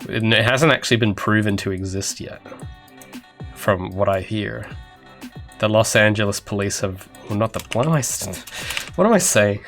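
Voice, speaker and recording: With soft background music, a young Australian man streams his indie game development, chatting in a rambling way and joking at his own expense to viewers as he codes. His lowish, slightly bright voice runs at normal speed with long pauses, and his accent is often taken for Canadian.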